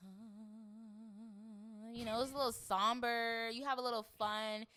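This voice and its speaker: A woman's voice: a little high, unhurried, noisy background. A woman hosting a podcast, talking casually and rambling with lots of fillers. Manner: rambling, filler-heavy, animated. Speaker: podcast host. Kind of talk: casual chat.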